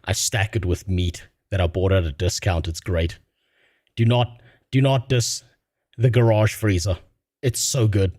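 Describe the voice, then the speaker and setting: A man's voice: fairly low pitch, a little slow, a little mellow, no room sound, studio quality. A man streaming a reaction to a video, chatting casually with crude jokes, frequent laughter and stammered restarts.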